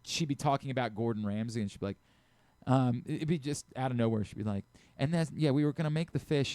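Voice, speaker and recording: A radio host with a Baltimore accent, ranting animatedly in casual sports banter and laughing often. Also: male voice, mid-range voice, fast talker, darkish tone, no room sound. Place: radio studio.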